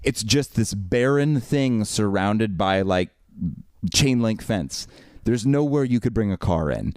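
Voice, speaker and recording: A low-pitched man tells a story on a podcast, and his voice swings widely as he goes from grumbling to yelling. He sounds exasperated and talks in a loose, rambling way, full of "like" and restarts. The recording is close and dry, with almost no room sound. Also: unhurried, no echo. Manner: animated, exasperated storytelling with lots of fillers. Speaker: podcast co-host. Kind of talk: casual storytelling chat.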